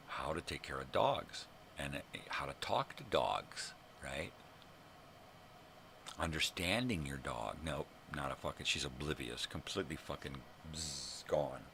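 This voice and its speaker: Gravelly, very deep-voiced older man ranting. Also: a bit bright, a little hiss or hum. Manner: profane, ranting, exasperated. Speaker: vlogger. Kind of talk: casual ranting monologue.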